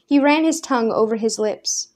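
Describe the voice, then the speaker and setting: A woman reading a story aloud in a measured, even narration. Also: fairly high pitch. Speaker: audiobook narrator. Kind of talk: scripted narration.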